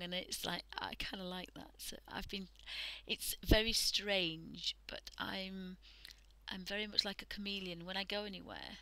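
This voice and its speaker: Soft-spoken woman with a gravelly edge. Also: mid-range voice, steady tone, measured pace, poor audio. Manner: soft, often half-whispered while working, chatty with fillers. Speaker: art livestream host. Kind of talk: casual drawing demonstration.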